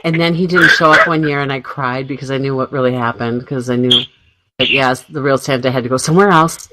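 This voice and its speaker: Heavy background noise surrounds a middle-aged woman co-hosting a radio talk show. She speaks briskly in a very deep voice, telling family stories chattily and laughing often.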